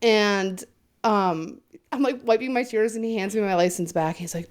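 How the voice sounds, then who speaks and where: A woman's voice: medium pitch, normal speed. A young woman co-hosting a podcast, telling a story in casual chat, swearing often and acting out the people she quotes. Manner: animated, swears often, acts out quoted voices. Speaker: podcast co-host.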